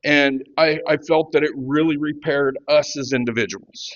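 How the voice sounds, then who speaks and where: A man in his fifties giving a halting personal testimony, full of restarts, who grows animated as he retells a quarrel. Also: fairly high pitch, dry recording, dull audio. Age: 50s. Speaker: workshop participant sharing testimony.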